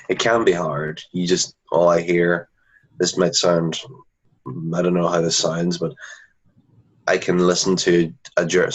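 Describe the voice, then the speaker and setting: A low, husky-voiced man speaks as a guest in a relaxed interview, earnest in tone and prone to restarting sentences. The recording is lo-fi and dull.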